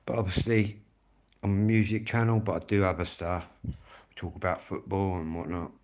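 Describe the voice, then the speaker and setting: A man with a Kent accent, speaking in a fairly low voice. He hosts his own music channel and chats on a live stream in a loose, rambling way. He swears freely and drifts from one point to the next. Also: little pitch movement, normal speed, a little mellow. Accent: Kent English. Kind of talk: casual live-stream chat.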